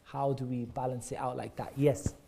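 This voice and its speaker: A man's voice: medium pitch, little pitch movement, moderate pace, vocal fry, mellow, a little hiss or hum. A man teaching a class of children, asking them questions and praising and repeating their answers back. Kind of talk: interactive lesson for kids.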